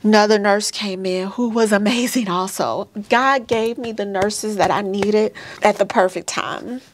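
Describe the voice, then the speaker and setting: A woman in her thirties tells her own painful story to her viewers, halting and emotional, calling them y'all. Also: mid-range voice, steady tone. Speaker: vlogger sharing a birth story. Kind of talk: personal storytelling to camera.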